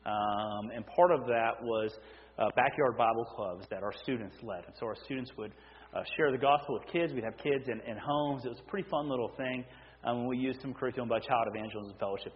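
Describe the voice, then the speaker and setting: Animated male pastor preaching in a hall. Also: a little high. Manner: animated, with frequent "right?" check-ins. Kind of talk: sermon. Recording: dull lo-fi recording in a reverberant hall.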